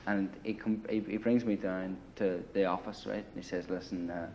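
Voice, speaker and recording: His voice sits low and is a little mellow, with fairly even intonation and a moderate pace, over slight background noise. The man, an interviewee in a grungy apartment, casually rambles through a long, profane war story filled with "you know" and "right." It's recorded as dull lo-fi 1980 film audio.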